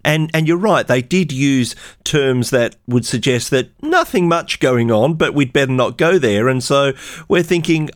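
A man, a radio presenter recalling a trip in a measured, reflective way and asking his co-hosts questions. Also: medium pitch, lively intonation, dry recording, clean studio sound. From Australia. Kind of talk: conversational podcast reminiscing.

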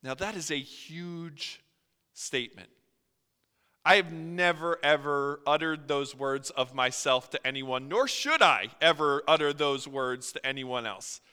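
Male preacher, high and very bright voice, smooth and resonant, earnest sermon delivery with rises and drops, reverberant church hall. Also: measured pace. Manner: earnest, voice swells and drops for emphasis.

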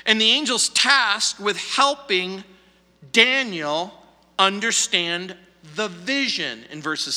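A man with a high, sharply bright voice preaches verse by verse. He takes his time, asks the text questions and hammers points home by repeating words. His voice rings on in the long reverb of a church sanctuary. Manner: poses rhetorical questions and answers them; emphatic repetition for stress. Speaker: pastor. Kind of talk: verse-by-verse sermon.

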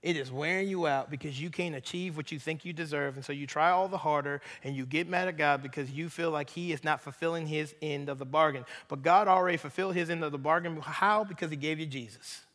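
A man preaching a sermon as pastor, in an animated way with casual asides. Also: a little high, fast talker, few pauses. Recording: echoey hall reverb.

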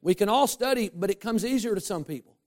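Guy preaching, pretty high voice, gets loud and funny with the crowd. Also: fast talker. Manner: animated, humorous preaching with rising emphasis and asides to the congregation. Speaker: pastor. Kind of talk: sermon.

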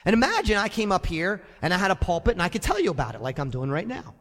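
Male pastor preaching, high voice jumping all over, chatty and funny, long churchy reverb. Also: quick pace. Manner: animated, conversational, with humor. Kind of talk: sermon. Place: church sanctuary.

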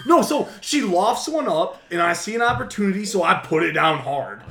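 A man tells stories in a casual podcast chat, his voice high and swinging widely. He swears and laughs often, and the room around him echoes. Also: animated, normal speed, creaky, over music. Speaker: podcast co-host. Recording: roomy echo.

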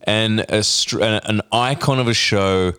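A man co-hosting a podcast in casual chat, blunt and quick to swear. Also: fairly low pitch, sharp tone, smooth. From Australia. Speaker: podcast co-host.

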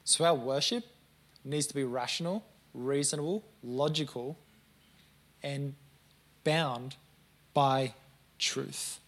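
A man's voice: mid-range voice, takes it slowly, long pauses, a bit bright. A man preaching a sermon in a conversational, earnest way, with joking asides to the congregation.

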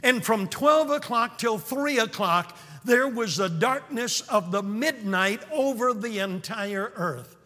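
A man preaching a dramatic revival sermon, swinging from hushed low passages to booming, shouted peaks. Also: lively intonation, slow pace, few pauses. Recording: long hall reverb.

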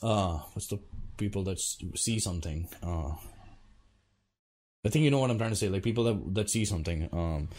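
A man's voice: low-pitched, lively intonation, moderate pace, long pauses, a little mellow. A man telling a personal story to his viewers in a loose, rambling way, swearing often and full of fillers and restarts. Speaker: vlogger. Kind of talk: casual storytelling to camera.

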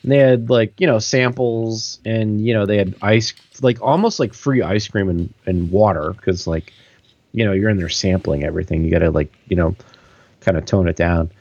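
Rambling man with a low, dull voice. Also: moderate pace, a little mellow, no echo. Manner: rambling storyteller, many fillers. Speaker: podcast co-host. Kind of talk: casual chat.

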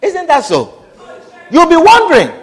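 A man's voice: extremely high pitch, huge pitch swings, measured pace. A man preaching a sermon with passion, repeating phrases and calling out hallelujah and amen. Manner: impassioned, repetitive, calls out hallelujah and amen.

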